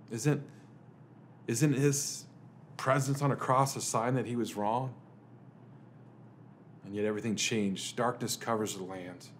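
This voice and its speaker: A man's voice: medium pitch, a little hiss or hum. Man preaching with dramatic rhetorical questions. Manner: rhetorical questions, swings between emphatic and hushed. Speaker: pastor. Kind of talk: dramatic Good Friday sermon.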